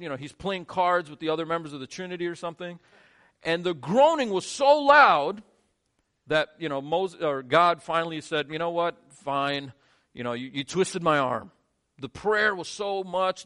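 A male pastor preaching a sermon, shifting between quiet, low lines and emphatic, rising ones.

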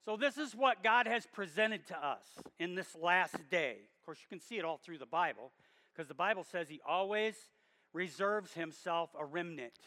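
This preacher speaks straight to his congregation, emphatic and breaking into bursts of volume to press each point. His high voice is pushed and bright, with lively intonation at a moderate pace, and the hall adds long reverb.

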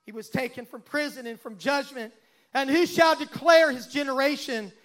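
A male pastor with a strikingly high voice delivers a dramatic sermon and reads scripture aloud. He swells into loud, emphatic peaks and then drops to a near hush. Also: moderate pace.

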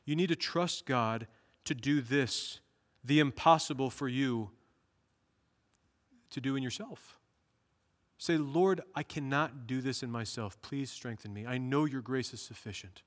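A man's voice: mid-range voice, measured pace, long reverb tail. A male pastor preaching a sermon in an earnest manner, rising to emphatic bursts.

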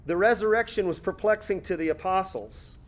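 A man with a high-pitched voice preaches an expository sermon, reading scripture aloud and then explaining it conversationally. He slows down and stretches out key words for emphasis.

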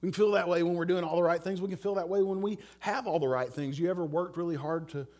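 A man's voice: high-pitched, quick pace, darkish tone. A middle-aged man, preaching a sermon in a conversational, earnest way, telling a personal story and asking listeners direct questions. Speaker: pastor.

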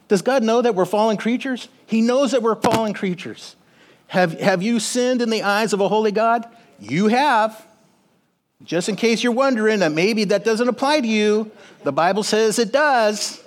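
A man preaches a sermon in a church sanctuary, his voice sitting a little high for a man. His delivery is animated, dropping low and rising loud as he calls out to the congregation. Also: moderate pace. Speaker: pastor.

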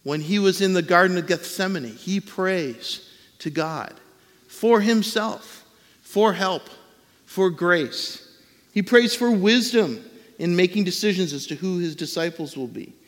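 A man's voice: high voice, unhurried, long reverb tail. A man preaching a sermon as pastor in a conversational way, acting out the voices he quotes.

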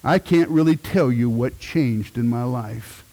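A middle-aged man, a pastor, preaching a sermon with emphatic swells and hushed moments. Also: mid-range voice, a little slow, big-room sound.

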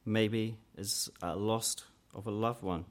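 A man with a low voice preaches an earnest sermon. He speaks steadily and with conviction, lifting his voice higher and louder whenever he voices the challenges he quotes. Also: fairly even intonation, takes it slowly. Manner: earnest, rises in pitch and force when quoting mockers.

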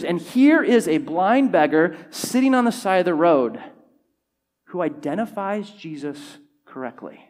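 A man preaching a sermon, stepping through a Bible passage verse by verse and rising in pitch and volume when he quotes the shouting. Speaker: pastor.

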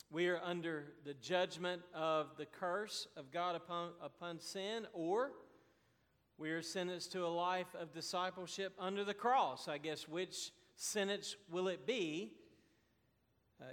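A man preaching a sermon as pastor, slow and deliberate with emphatic pauses. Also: high-pitched, a bit bright, long reverb tail.

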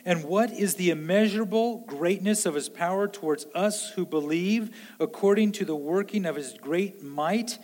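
Pastor guy preaching, highish voice, big echoey hall, gets loud then goes quiet. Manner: earnest preaching, swings from loud to hushed. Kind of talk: sermon.

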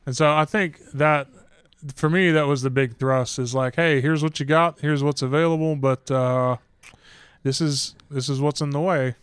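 Pastor guy hosting a podcast, chatty and easygoing, smooth voice. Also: on the high side, moderate pace, no room sound. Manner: relaxed, chatty, laughs easily. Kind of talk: casual chat.

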